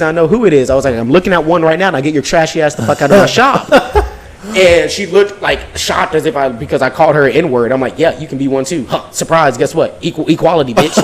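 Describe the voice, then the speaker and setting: A man co-hosting a podcast, telling a story in a casual, animated way, full of swearing and acted-out quotes. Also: on the high side, fast talker, low-quality recording. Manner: animated, profane, acts out quotes. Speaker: podcast co-host.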